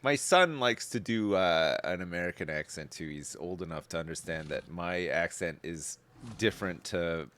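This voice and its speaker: A man's voice: sits low, moderate pace, few pauses, a bit bright. A Canadian man chatting casually on a live gaming stream, rambling and laid-back, swearing freely and chuckling often.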